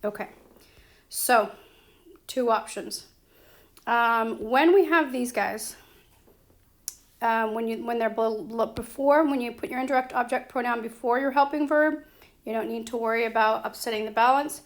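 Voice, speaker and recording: A woman explaining a grammar lesson as a teacher, patient and checking in with her students as she goes. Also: fairly high pitch. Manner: slow, patient, checks in with "okay?" and "right?". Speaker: Spanish teacher.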